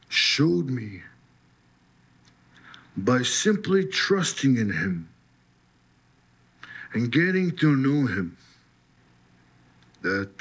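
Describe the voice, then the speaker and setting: Man, husky voice, slow, personal faith testimony, plain storytelling. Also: on the low side. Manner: slow storytelling, lively when retelling his release. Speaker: testimony speaker.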